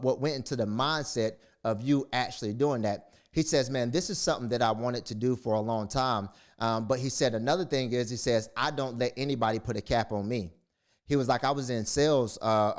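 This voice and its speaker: Man telling a story, lots of fillers. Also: mid-range voice. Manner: storytelling, retelling quotes with many fillers and restarts. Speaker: motivational speaker. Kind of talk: casual monologue.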